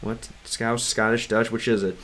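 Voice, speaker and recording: A man chatting casually on a livestream, rambling with many restarts and fillers and stopping now and then to sound out game text in halting learner's Russian. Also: lowish voice, level tone, fairly bright tone. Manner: clumsy Russian read aloud in a learner's voice. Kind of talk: casual livestream chat reading comments.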